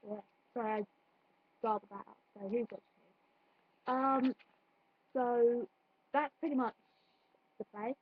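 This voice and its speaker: A woman's voice: on the high side, fairly even intonation, slow, long pauses, breathy edge, no echo. A young woman vlogging a play review in a rambling, chatty way, full of fillers and restarts. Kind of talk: casual chat. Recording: dull, dry home recording.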